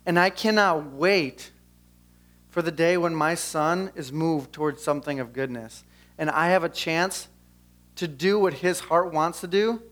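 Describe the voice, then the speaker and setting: A young man preaching earnestly at a church service, chatting casually with the congregation and then leading a prayer. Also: a little high. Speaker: pastor. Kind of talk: sermon and closing prayer. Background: soft guitar music.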